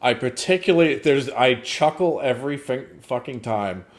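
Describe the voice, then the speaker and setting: A young man chatting on a movie review podcast in a mid-range voice. He retells scenes with animated energy, breaking into laughter and casual swearing. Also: medium pitch, normal speed. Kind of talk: casual chat.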